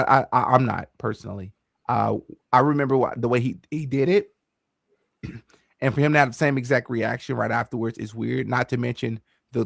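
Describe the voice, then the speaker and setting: A man's voice: medium pitch, creaky, no echo, clean studio sound. A man hosting a casual live podcast interview, often stammering and repeating words as he talks. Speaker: podcast host.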